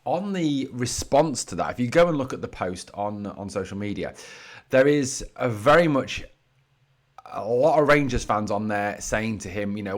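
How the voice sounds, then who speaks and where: A man's voice: fairly low pitch, lively intonation, moderate pace. A man hosting his own football fan channel, giving heated, blunt solo commentary scattered with "you know".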